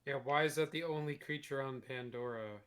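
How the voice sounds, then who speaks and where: A man's voice: medium pitch, brisk, fairly bright tone, smooth. A man co-hosting a podcast in a casual movie chat, joking and rambling. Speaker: podcast co-host.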